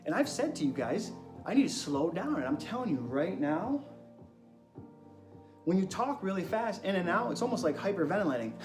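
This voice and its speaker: A young man with a fairly high voice hosts an energetic wellness monologue, firing excitable rhetorical questions at his viewers at a fairly quick pace. The room is echoey, and music plays clearly behind him.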